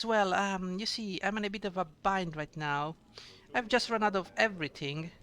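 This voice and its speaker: A man's voice: high voice, bright, forceful tone, voice pushed up. A man voicing a sweet, fussy middle-aged woman who runs a tavern, reading game dialogue aloud. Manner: fussy, calls the listener dearie.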